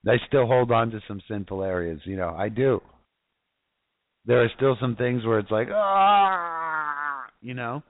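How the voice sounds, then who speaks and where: A man's voice: on the low side, fairly even intonation, normal speed, no room sound. Fervent man preaching over tinny audio. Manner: fervent, exclamatory, addresses listeners directly. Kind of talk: casual preaching with scripture reading.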